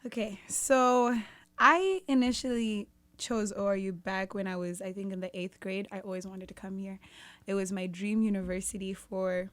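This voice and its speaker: A woman's voice: medium pitch, steady tone, normal speed, fairly bright tone, no echo. A young woman with a Zimbabwean accent, a cheerful, giggly guest chatting in an interview. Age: young adult. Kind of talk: casual interview chat.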